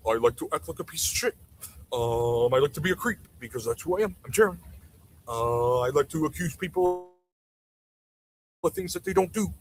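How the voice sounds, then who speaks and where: A man's voice: on the high side, animated, moderate pace, pauses often, a little hiss or hum, low-quality recording. A man putting on a mocking voice of a boastful, lying adult man who confesses his faults in a sneer.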